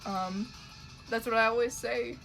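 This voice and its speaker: A young woman from Canada talks casually to her stream chat while drawing, her voice sitting a little high. She rambles, swears freely and laughs easily, with faint music playing underneath. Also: steady tone, measured pace, vocal fry, a bit bright. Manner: chatty, profane, laughs often, trails off with ums. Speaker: livestreamer drawing and reading chat.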